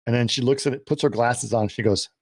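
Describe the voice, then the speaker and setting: A man's voice: medium pitch, steady tone, fast, no room sound, clean studio sound. A man co-hosting a casual film podcast, animatedly retelling the plot and acting out the characters' lines. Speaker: podcast co-host. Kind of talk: casual film-discussion chat.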